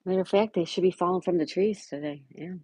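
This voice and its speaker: A woman's voice: fairly low pitch, quick pace, slightly rough, dry recording. A woman from Buffalo, New York, hosting a casual livestream, reading viewers' comments aloud and greeting each of them by name. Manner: greets viewers by name and chats back warmly. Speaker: livestream host.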